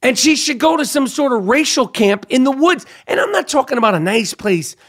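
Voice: high voice, lively intonation, a little fast. A podcast host delivering a profane, angry monologue with frequent stammering restarts and repeated phrases.

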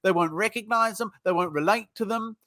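British guy, blunt and sweary, high bright voice, chatty sales stories. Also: a little fast, no echo, clean studio sound. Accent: British English. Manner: blunt, swears freely, animated storyteller. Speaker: sales trainer guest. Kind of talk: casual podcast interview.

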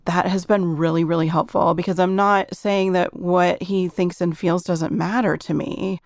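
A woman's voice: fairly low pitch, steady tone, moderate pace, darkish tone, dry recording, clean studio sound. A middle-aged woman explaining parenting ideas earnestly in a casual chat.

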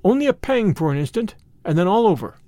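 A woman's voice: mid-range voice, big pitch swings, fast talker, mellow, no echo, studio quality, pitched above the performer's own voice, close to an everyday voice. A man voicing a devoted young Venetian noblewoman in an audiobook, speaking in a tender, urgent, pleading way. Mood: tenderly resolute. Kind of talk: audiobook character reading.

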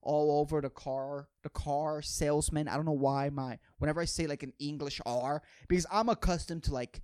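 A man's voice: fairly high pitch, steady tone, moderate pace, darkish tone, smooth, no echo, studio quality. A man with a Puerto Rican accent hosting a podcast, rambling through a goofy comedic monologue and swearing casually. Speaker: podcast host.

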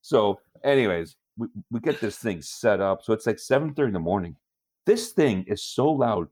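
A man from Canada tells a story on a casual podcast, his voice on the low side but swinging widely in pitch. He sounds exasperated and animated, laughing as he goes. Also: normal speed. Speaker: podcast co-host. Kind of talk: casual chat.

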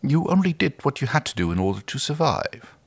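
A cold, scheming alien warlord, put on by a man reading fan fiction aloud, his voice pushed well above its natural pitch. He speaks slowly and with measured command, and the lines rise and fall widely. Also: very animated, creaky, slightly rough, exaggerated voice. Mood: forgiving.

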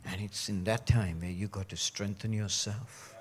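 A man preaching a sermon, joking and mimicking people, then dropping to a low, earnest tone. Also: steady tone, moderate pace, slight background noise. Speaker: pastor.

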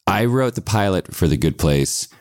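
A man's voice: low voice, animated, moderate pace, no echo, studio quality. A man chatting casually as a podcast guest, telling stories with frequent restarts. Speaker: guest, TV writer and producer.

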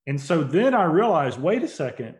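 A man's voice: a little high, very animated, moderate pace. A man speaking as an interview guest, telling stories earnestly and building to emphatic points. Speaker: interview guest, motivational speaker and company CEO. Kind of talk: casual conversational interview.

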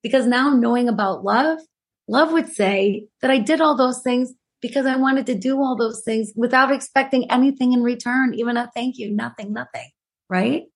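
A woman's voice: a little high, normal speed, slightly rough. A middle-aged woman who is a guest author, telling personal stories in a casual interview with frequent "you know"s.

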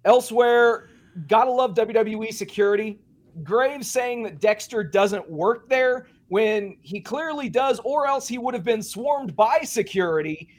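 A man's voice: extremely high pitch, a little slow. A man co-hosting a podcast, giving sarcastic, profanity-laced wrestling commentary in casual chat. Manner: ranting, sarcastic, swears freely. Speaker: podcast co-host.

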